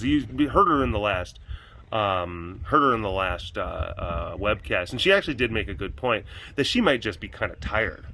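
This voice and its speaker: A man hosting a casual vlog at a wild animal facility, talking in an animated way, laughing often and restarting his sentences. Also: lowish voice, a little hiss or hum.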